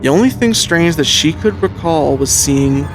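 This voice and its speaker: A man hosting a podcast who narrates a strange case with playful suspense and dramatic pauses. His voice sits a little high for a man. Soft music hums faintly behind him. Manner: animated storyteller building suspense with dramatic pauses. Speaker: podcast host. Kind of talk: casual storytelling podcast.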